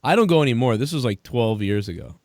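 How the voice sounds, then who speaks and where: A man's voice: medium pitch, quick pace, dry recording, clean studio sound. A man in his thirties hosting a casual chat, telling a bar story full of swearing and acted-out quotes. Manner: profane, animated storyteller acting out quotes. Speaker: podcast host.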